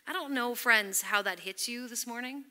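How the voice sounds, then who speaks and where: A woman's voice: fairly high pitch, normal speed, bright, forceful tone. A woman pastor preaching an earnest sermon, emphatic at times and dropping almost to a whisper when she quotes scripture.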